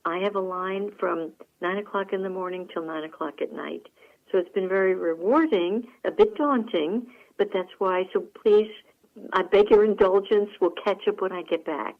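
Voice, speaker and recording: A woman hosting a radio talk show, telling stories to listeners in a folksy, animated way. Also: mid-range voice, moderate pace, phone-quality sound. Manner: folksy, animated storytelling with frequent laughs. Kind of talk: chatty monologue to listeners.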